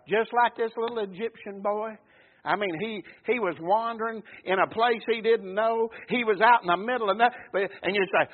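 High-voiced preacher on tinny radio. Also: male voice, a little fast. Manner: rousing, rising to shouts with call-and-response amens. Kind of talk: sermon. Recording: tinny phone-like radio broadcast.

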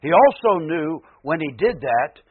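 Male preacher, fairly high voice, dry tinny phone-like sound, surges loud then falls quiet. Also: animated, a little slow, husky, no room sound. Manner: rising to loud emphatic peaks, then dropping low. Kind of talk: sermon.

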